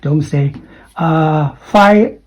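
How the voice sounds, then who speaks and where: A man's voice: a little high, very slow, a little mellow, poor audio. A man teaching English pronunciation, explaining and repeating example phrases with many fillers. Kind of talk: online English pronunciation lesson.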